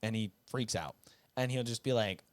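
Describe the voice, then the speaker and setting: A man from upstate New York telling family stories as a guest musician, relaxed, laughing often and swearing freely. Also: lowish voice, normal speed, dry recording. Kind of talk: casual storytelling.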